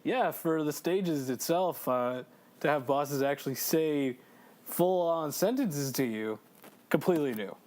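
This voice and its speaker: A man co-hosting a podcast in casual chat, excitable, swearing and laughing as he talks through a game. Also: a little high, a little slow. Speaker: podcast co-host.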